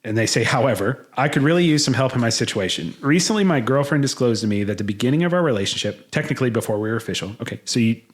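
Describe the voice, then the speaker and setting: A man in his thirties co-hosting a podcast, talking in a blunt, profane way and getting fired up easily. His voice sits in an ordinary middle pitch. He speaks casually and freely. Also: lively intonation, fast talker, few pauses. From United States. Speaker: podcast co-host. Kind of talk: casual chat.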